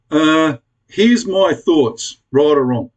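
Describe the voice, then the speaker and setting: A man's voice: on the high side, slightly rough. Blunt, swearing Australian man ranting. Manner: blunt, swearing, pleading and rambling. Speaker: prepper vlogger. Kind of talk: casual rant to camera.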